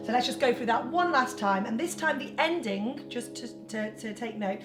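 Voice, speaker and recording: Teaching her online choir with English-accented chatter, a woman walks through each part and slips into singing lines. Her voice sits on the high side, expressive at a normal speed, and the room sounds spacious over backing music.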